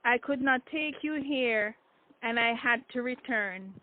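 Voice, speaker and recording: A woman voicing a gentle, earnest man back from another world, speaking calmly and formally. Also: on the high side, slow pace, dry recording. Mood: tender. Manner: calm, formal speech. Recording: tinny phone-like dry sound.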